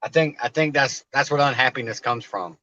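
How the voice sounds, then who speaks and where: A man's voice: medium pitch, brisk, bright, forceful tone. A man hosting a casual coin roll hunting stream, telling loose jokey stories and swearing now and then. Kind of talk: casual livestream chat. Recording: dull lo-fi stream audio.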